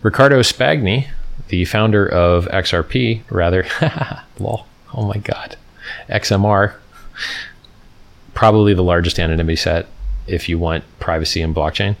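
His voice sits low and gravelly, moving at a moderate pace with long pauses. The livestream host keeps things casual, rambling and poking fun while he reads off his screen and responds to people in the chat.

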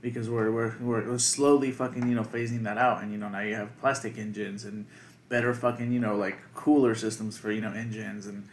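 A young man co-hosting a podcast, telling stories in casual chat with a crude, animated manner full of profanity. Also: on the low side, brisk, a little hiss or hum. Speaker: podcast co-host.

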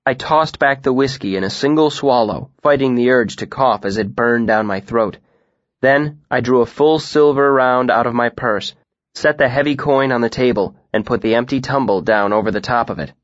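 A man narrating a story in the first person, in an even, measured way. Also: mid-range voice, no room sound, lo-fi sound. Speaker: audiobook narrator.

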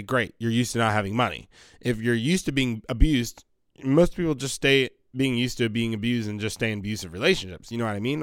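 A man's voice: mid-range voice, dry recording, clean studio sound. Blunt, rambling man on a podcast. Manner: rambling, blunt, profane, animated. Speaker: podcast host. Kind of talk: casual monologue. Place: home basement.

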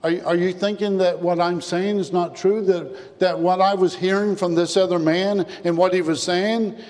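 A man's voice: high voice, steady tone, moderate pace, darkish tone, long reverb tail, lightly acted. A man voicing a frightened little boy who stammers and pleads urgently. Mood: hurt. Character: frightened little boy running to his dad.

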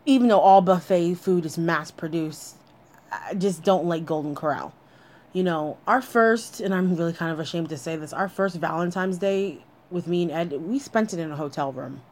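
A woman's voice: fairly low pitch, moderate pace, darkish tone. A woman telling a personal story in a blunt, candid way, swearing freely as she talks.

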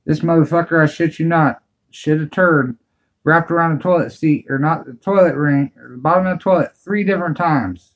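A man's voice: fairly high pitch, brisk. A man on a crude comedy podcast telling blunt stories in a casual way.

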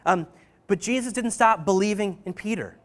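High-voiced man preaching casually. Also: moderate pace. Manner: conversational, with frequent "um," "like" and "right?". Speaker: pastor. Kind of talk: casual sermon storytelling.

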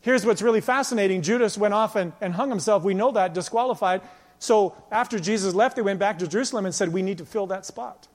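A man preaching a sermon as pastor, emphatic, with passages that drop to a quiet, intense tone. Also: sits high, quick pace. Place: church sanctuary. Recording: long church hall reverb.

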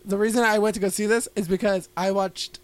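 A man's voice: high voice, fairly even intonation, fairly quick, clean tone. A man co-hosting a podcast, chatting casually and rambling, swearing often and laughing a lot. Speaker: podcast co-host. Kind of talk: casual chat.

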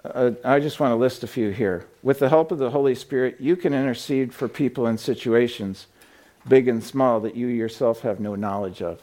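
A man's voice: medium pitch, normal speed, warm tone. Casual man preaching a sermon. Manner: conversational storytelling with frequent fillers. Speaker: pastor. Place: church sanctuary.

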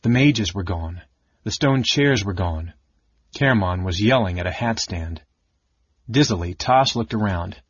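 Low husky guy reading a fantasy audiobook, dry and kinda dull-sounding. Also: no room sound. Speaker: audiobook narrator. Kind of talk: scripted narration.

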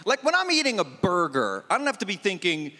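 A man doing a stand-up comedy set on a festival stage, animated and punchy with mock exasperation. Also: high-pitched, fairly quick, in a large hall.

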